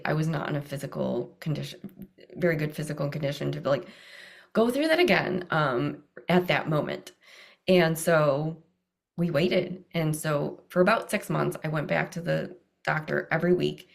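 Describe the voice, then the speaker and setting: A woman in her thirties telling her story as an interview guest, animated and laughing often, jumping up in pitch when she quotes herself and others. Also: gravelly. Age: 30s.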